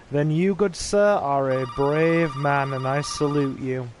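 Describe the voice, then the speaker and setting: A man's voice: a little high, takes it slowly, slight background noise. A man streaming a horror game, chatting casually with viewers and reading their comments aloud with jokey asides. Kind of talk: laid-back livestream commentary.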